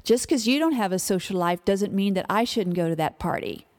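A woman's voice: medium pitch, lively intonation, a little fast, a little mellow, long reverb tail, natural voice. Woman quoting a pushy teenage girl. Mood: demanding.

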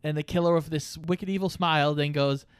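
Smooth-voiced man podcast host. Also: a little high, steady tone, fairly quick, dry recording, studio quality. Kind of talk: casual chat.

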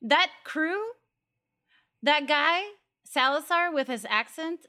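A woman's voice: high voice, slow pace, sharp tone. A woman co-hosting a casual podcast, chatting and joking playfully with friends. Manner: playful, swears, laughs often. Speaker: podcast co-host. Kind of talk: casual chat.

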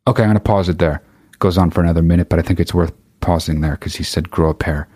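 A man's voice: low voice, fast, warm tone, breathy edge. A male podcast host in a casual, exasperated rant, swearing constantly.

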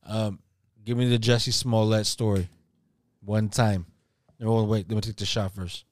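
A man's voice: lowish voice, flat delivery, unhurried, a little mellow, no echo. A man hosting a podcast, rowdy and profane in casual banter. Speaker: podcast host.

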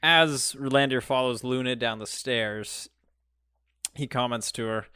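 A man playing a tabletop game, speaking calmly for his character. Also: medium pitch, unhurried, clear, resonant tone, no echo, studio quality. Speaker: player.

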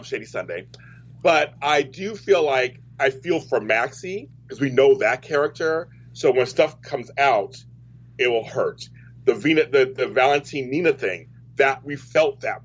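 A man's voice: mid-range voice, animated, unhurried. A man hosting a soap opera chat show, talking casually and rambling with many restarts. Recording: dull lo-fi audio.

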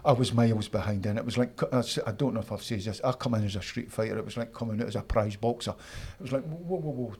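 A Scottish man, a former footballer, telling animated stories from his playing days in an interview, acting out his old coaches. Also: mid-range voice, quick pace, few pauses, breathy edge. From Scotland. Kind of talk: storytelling interview.

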